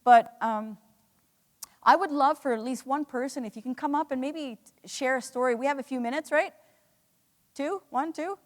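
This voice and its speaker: A woman's voice: high-pitched, moderate pace. A woman giving an earnest, emotional motivational talk to a live audience, telling her story with many restarts. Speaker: speaker. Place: hall. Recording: echoey hall.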